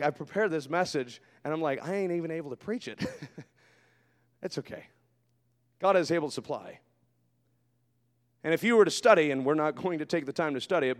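Pastor guy preaching in church, goes quiet then shouts, highish voice, big reverb. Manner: swings from quiet asides to shouted fervor. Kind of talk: sermon. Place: church sanctuary. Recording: long hall reverb.

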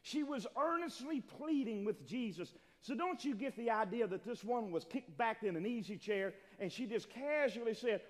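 A man preaching a sermon, swinging between quiet talk and loud, shouted appeals. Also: sits high, lively intonation, normal speed. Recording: long hall reverb.

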